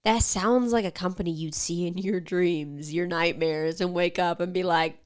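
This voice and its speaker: A woman's voice: fairly low pitch, fairly even intonation, moderate pace. A woman hosting a casual reaction commentary, sarcastic and exasperated, sometimes dropping into a whisper. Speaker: commentary host.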